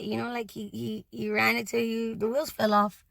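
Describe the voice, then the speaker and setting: Gravelly, blunt-talking woman. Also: a little high, little pitch movement, moderate pace, fairly bright tone, no room sound. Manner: loose and blunt, swears freely, heavy on "you know". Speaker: messenger relaying words from a departed man. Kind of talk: casual spoken monologue.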